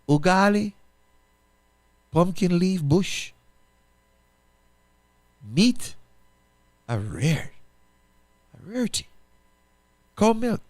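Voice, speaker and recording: Pastor host, man, lively pitch, emphatic and repetitive, dry studio sound. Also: extremely slow, long pauses, dry recording. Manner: emphatic, repetitive, rhetorical questions, restarts. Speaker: pastor and radio show host. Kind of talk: impassioned appeal on a talk show.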